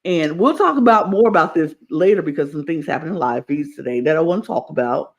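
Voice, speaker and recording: A man's voice: fairly high pitch, a little fast. A man co-hosting a reality TV podcast, ranting emphatically and repeating himself in casual chat. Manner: animated, emphatic ranting with repetitions. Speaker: podcast co-host.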